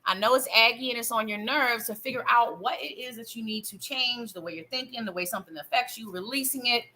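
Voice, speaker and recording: A woman's voice: fairly high pitch, fast talker, sharp tone, poor audio. A woman hosting a live psychic show, giving tarot readings in a chatty, playful way, talking straight to the viewer and laughing often.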